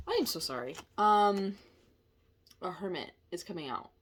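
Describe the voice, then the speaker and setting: A woman talks through a casual tarot reading, her voice swinging widely in pitch as she goes. She is chatty and quick to laugh, often breaking off to apologize or correct herself. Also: animated, a little hiss or hum. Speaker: tarot reader.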